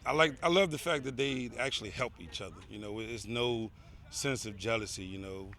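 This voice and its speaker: A man, a high school head football coach, giving an earnest outdoor interview at practice, often saying "you know" and repeating words. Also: a little fast, sharp tone, a little hiss or hum. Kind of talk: on-field interview.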